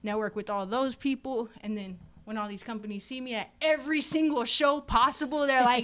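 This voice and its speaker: A woman with a fairly high voice, a guest on a casual podcast. She talks emphatically about her trade, with lively push on her points. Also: a little fast, hardly any pauses. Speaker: guest barber.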